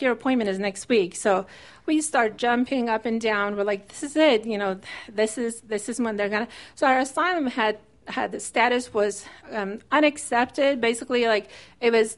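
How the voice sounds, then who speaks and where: Higher-voiced woman telling her story. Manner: conversational, with frequent "like" and "um". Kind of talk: personal story told to an audience.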